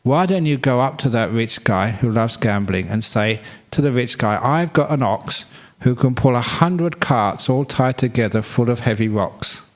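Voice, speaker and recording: A man voicing a clever, gentle male ox who speaks slowly and reasonably in a told story. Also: medium pitch, expressive, in a large hall, close to an everyday voice. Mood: persuasive.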